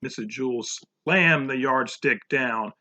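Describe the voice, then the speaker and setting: A man's voice: medium pitch, measured pace. Man reading a children's book aloud. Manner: relaxed, informal asides. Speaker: program director reading to children.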